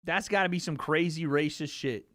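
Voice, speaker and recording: This man's voice sits on the high side with a fairly bright tone, recorded studio-quality on a streaming mic with no room sound. He hosts a casual livestream, joking, swearing and making quick asides to his chat.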